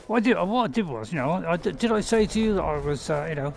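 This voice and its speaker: A man chats his way through a VR game session, joking with his audience and laughing at himself as he goes. His voice sits fairly high with a gravelly rasp and swings up and down a lot, picked up on a headset mic. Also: lively intonation, fast, a little hiss or hum. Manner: chatty and playful, rambling with fillers and self-mocking laughs. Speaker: game streamer. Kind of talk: casual gameplay commentary.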